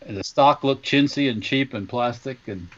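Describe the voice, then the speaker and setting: A man's voice: mid-range voice, normal speed, a bit bright. A man co-hosting a casual podcast, rambling and sarcastic, often restarting his phrases. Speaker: podcast co-host who works in a gun shop. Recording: muffled lo-fi remote audio.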